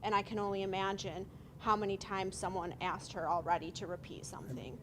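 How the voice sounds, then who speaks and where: A woman's voice: mid-range voice, steady tone, fairly quick, a bit bright, a little hiss or hum. A woman social worker at a training workshop thoughtfully talks through and lists her group's ideas. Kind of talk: group share-out.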